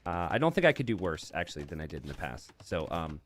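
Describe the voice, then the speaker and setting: A young man calls a strategy game match as its commentator. He talks in a lively, chatty way and laughs easily, and his pitch moves up and down a lot. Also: fast, slight background noise. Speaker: esports caster.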